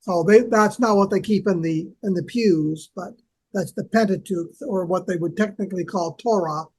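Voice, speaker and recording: A man co-hosting an educational talk, explaining slowly with many pauses and fillers. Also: high voice, breathy edge. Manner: hesitant, lots of fillers, explanatory. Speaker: co-host, archaeology scholar. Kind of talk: casual educational discussion.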